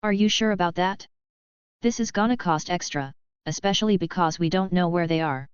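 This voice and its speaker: A woman's voice: fairly low pitch, normal speed, clear, resonant tone, no echo, dull audio, lightly acted. A woman voicing a sly male god who speaks in an easygoing, probing way.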